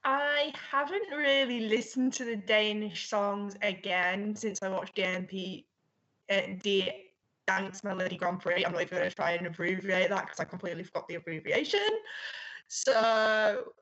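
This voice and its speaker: A woman co-hosts a podcast in a relaxed, chatty way, with a wry, self-deprecating edge. Her voice sits in a middle range. The recording is slightly dull and lo-fi. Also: medium pitch. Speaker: podcast co-host. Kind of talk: casual chat.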